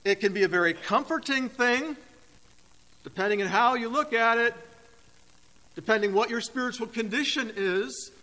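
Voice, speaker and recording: A man preaching a sermon as pastor, emphatic and deliberate, with dramatic pauses. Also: extremely high pitch, bright, forceful tone. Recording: reverberant hall.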